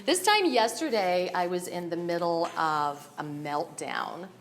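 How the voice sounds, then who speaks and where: A woman's voice: on the low side, expressive, unhurried. A woman giving a personal share at a recovery meeting, nervous and emotional, often breaking into laughter as she speaks candidly.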